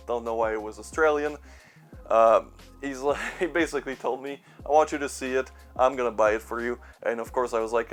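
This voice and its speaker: Soft music plays behind this young man as he reviews his movie collection on YouTube at a moderate pace. His medium-pitched voice keeps a steady tone while he chats, wanders off topic, throws in sarcasm, and curses occasionally.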